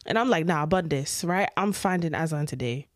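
Animated young woman telling a story. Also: deep voice, moderate pace, no echo, studio quality. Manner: animated, dramatic storyteller acting out scenes. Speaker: podcast co-host. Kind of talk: casual storytelling chat.

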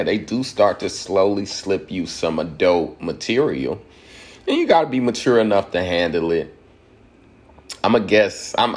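A man from Georgia, giving a loose, profane commentary monologue and laughing at his own points. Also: sits low.

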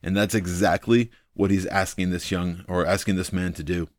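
A man's voice: low voice, flat delivery, normal speed, no echo, clean studio sound. A man hosting a devotional video, teaching from the Bible in an earnest, thinking-aloud way, full of ums and repeating his main points.

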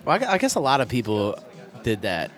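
A man's voice: mid-range voice, huge pitch swings, fast. A man hosting a casual podcast chat, laid-back and profane, laughing often. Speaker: podcast host.

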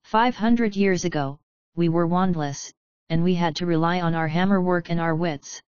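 A woman's voice: on the low side, normal speed, no room sound, lo-fi sound, natural voice. A woman voicing a small, proud, bitter male goblin leader who gives a grand speech in a raw, emotional voice.

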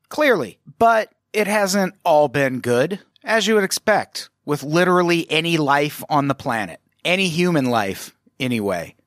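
American guy doing commentary, slightly high voice, sweary and sarcastic, dry close mic. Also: dry recording. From United States. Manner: sarcastic, profane, animated asides. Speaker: commentary host. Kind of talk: casual scripted commentary.

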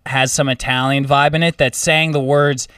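A man's voice: mid-range voice, flat delivery, moderate pace, bright, forceful tone, clear, resonant tone, no echo, clean studio sound, distant mic. A man co-hosting a podcast in casual chat, with an easygoing, rambling way of talking that is full of swearing. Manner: easygoing, rambling, swearing, breaks into short laughs. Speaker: podcast co-host.

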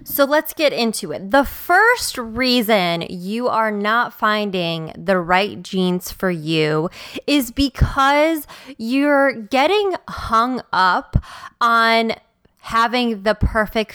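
A woman hosting a solo podcast as a stylist, excitable and emphatic, prone to rambling. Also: medium pitch, smooth, no room sound.

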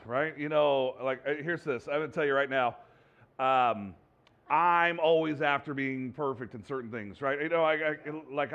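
High-voiced man preaching casually. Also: fairly bright tone, highs cut off. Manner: conversational, rambling with frequent restarts and fillers; self-deprecating, jokes with the congregation. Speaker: pastor. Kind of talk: sermon.

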